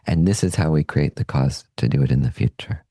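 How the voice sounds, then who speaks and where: A man hosting a podcast, giving a calm, unhurried, reflective Buddhist teaching talk that trails off softly at the ends of phrases. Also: rumbling low, dry recording. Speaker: podcast host and meditation teacher.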